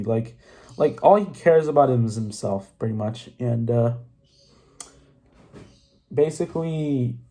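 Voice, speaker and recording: A man's voice: mid-range voice, mellow. A young man casually recapping a film, rambling and correcting himself, laughing often and swearing freely. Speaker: movie reviewer.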